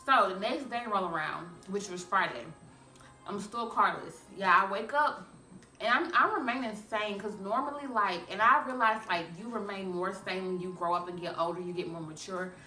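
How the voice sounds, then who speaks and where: A young woman vlogger telling a storytime to her viewers in a chatty, animated way, calling them y'all. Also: mid-range voice, normal speed. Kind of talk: storytime vlog. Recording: echoey room, a bit far from mic.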